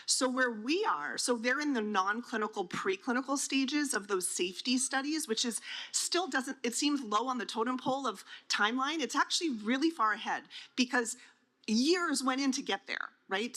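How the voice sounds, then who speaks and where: A woman's voice: fairly high pitch, expressive, moderate pace, bright, forceful tone. A woman on a conference panel, explaining drug trials to families in a plain, teacherly way, asking and answering her own questions.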